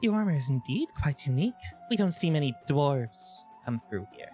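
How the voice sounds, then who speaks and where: A man's voice: a little high, sing-song, moderate pace, mellow, soft background music, pitched above the performer's own voice. A man voicing a mysterious female desert guardian who speaks in a sly, mock-polite way. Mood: sly teasing.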